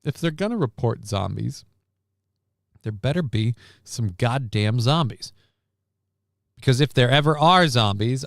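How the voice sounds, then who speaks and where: A man's voice: medium pitch, lively intonation, unhurried, vocal fry, pauses often, no room sound, studio quality. A man hosting a livestream news show in casual chat, rambling, sarcastic and profane.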